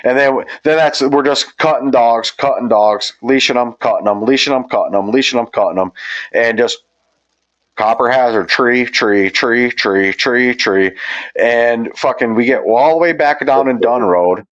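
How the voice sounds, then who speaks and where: A man's voice: medium pitch, normal speed, fairly bright tone. A man hosting a podcast, telling a hunting-dog story in casual, profane, rambling chat. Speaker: podcast host. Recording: dull lo-fi audio.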